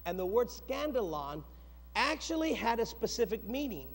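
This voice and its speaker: A male pastor preaching a sermon with animated storytelling and dramatic pauses. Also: extremely high pitch. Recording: long echoey hall reverb.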